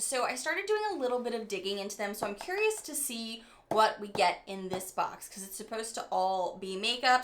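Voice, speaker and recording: A woman beauty vlogger chatting casually through an unboxing, excitable and prone to rambling asides. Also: fairly high pitch.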